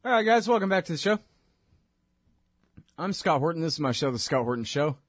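A man's voice: fairly high pitch, very animated, fairly quick, no echo, clean studio sound. A man hosting a talk radio show and interviewing a guest, ranting in a heated, sarcastic way.

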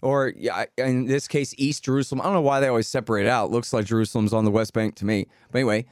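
A man's voice: medium pitch, quick pace, no room sound, clean studio sound. A man in his fifties hosting a casual political interview, telling stories animatedly. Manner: animated storytelling with voiced quotes. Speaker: host.

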